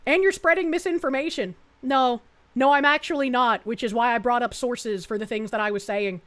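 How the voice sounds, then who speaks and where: A woman's voice: on the high side, brisk, a bit bright. A woman from Canada streaming casually, reading chat aloud with profane, sarcastic mockery. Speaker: livestreamer.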